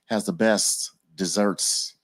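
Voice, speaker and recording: Low-voiced man, casual podcast co-host, gushing and upbeat. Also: steady tone, slow. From Los Angeles. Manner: enthusiastic, effusive praise.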